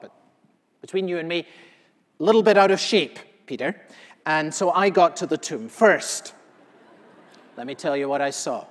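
A male pastor playing the apostle John in a first-person sermon, telling what he saw with earnest feeling, moving between hushed and loud passages. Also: high voice. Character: the elderly apostle John, solemn eyewitness. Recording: long reverb of a large hall.

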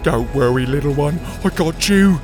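A man's voice: a little high, expressive, moderate pace, music in the background, lightly acted. A man voicing a timid young male sidekick who whimpers nervously and protects an egg.

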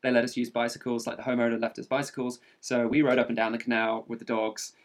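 A man co-hosting a casual travel podcast, chatty and relaxed, with some mild swearing. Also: medium pitch, quick pace. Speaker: podcast co-host.

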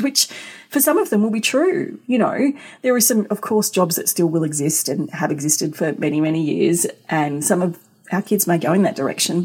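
Speaking with a fairly low, darkish and slightly rough voice, a middle-aged Australian woman runs her own business podcast alone. She sounds emphatic and conversational, often posing rhetorical questions.

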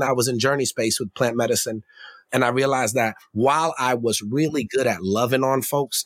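Animated, slangy man on a podcast. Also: medium pitch, no room sound, clean studio sound. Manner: animated, slangy, laughs often, acts out his own voice. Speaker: podcast guest. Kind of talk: casual conversation.

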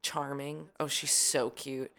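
A young woman co-hosting a podcast, chatting quickly and teasingly. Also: a bass voice, flat delivery, a bit bright. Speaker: podcast co-host. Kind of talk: casual comedic chat.

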